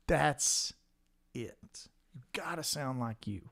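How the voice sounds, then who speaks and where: A man, hosting a casual guitar livestream, talking in an animated, rambling way and often repeating his words. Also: fairly high pitch, slow, creaky. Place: home studio.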